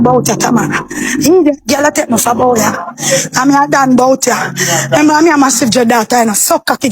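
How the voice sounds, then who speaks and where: On her livestream, a Jamaican woman with an extremely high, piercing voice launches into a heated, confrontational rant. Loud and profane, she calls out her rivals and threatens them.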